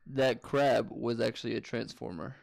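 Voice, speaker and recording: A man's voice: medium pitch, fairly even intonation, normal speed, gravelly, darkish tone. A young man co-hosting a casual chat, laid-back and chuckling as he adds movie trivia. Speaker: co-host.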